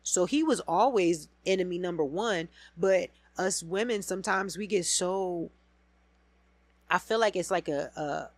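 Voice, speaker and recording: A woman podcast host talking alone in a casual rant, blunt and full of profanity. She swings from low muttering to loud, high emphatic bursts. The sound is dry and close to the mic. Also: a little slow, dry recording. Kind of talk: casual solo reality TV rant.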